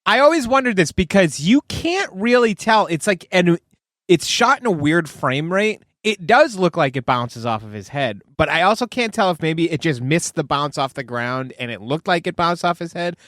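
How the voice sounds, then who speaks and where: A man's voice: fairly high pitch, expressive, normal speed, a bit bright, dry recording, studio quality. A man co-hosting a podcast, musing aloud and hesitating as he works through a thought. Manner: musing, hesitant with ums and restarts. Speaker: podcast co-host. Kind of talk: casual chat.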